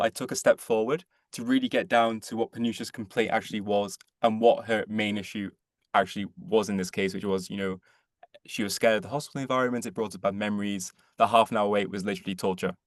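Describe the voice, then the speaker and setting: A man's voice: on the low side, steady tone, fast talker, dry recording, clean studio sound. A young man presenting a webinar, explaining earnestly after a role-play.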